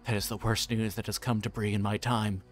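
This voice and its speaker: A man's voice: lowish voice, level tone, brisk, faint music behind, close to an everyday voice. A man voicing a fussy, anxious middle-aged male innkeeper who stammers, in a book reading. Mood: scared. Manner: flustered, stammering.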